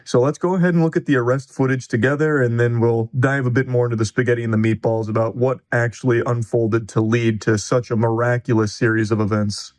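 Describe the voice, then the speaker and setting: A man in his thirties giving crude, sarcastic commentary on a news clip in a deadpan way. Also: mid-range voice, a little fast, few pauses. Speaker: commentary host.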